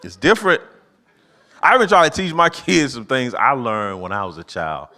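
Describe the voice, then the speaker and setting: Animated middle-aged male stand-up comic. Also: moderate pace. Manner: animated storytelling, acting out his own lines in a higher voice. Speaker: stand-up comedian. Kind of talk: stand-up comedy set. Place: church auditorium with live audience.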